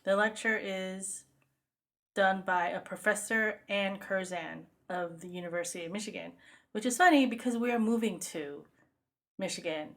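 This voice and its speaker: A woman's voice: medium pitch, normal speed, fairly bright tone. A middle-aged woman co-hosting a podcast, telling stories in casual chat and laughing often. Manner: giggly, chatty storyteller. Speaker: podcast co-host.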